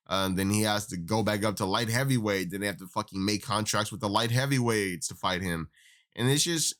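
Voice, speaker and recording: A man's voice: on the low side, a bit bright. A young man ranting about mixed martial arts in a casual, profane, exasperated way. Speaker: MMA commentator. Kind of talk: casual opinion rant.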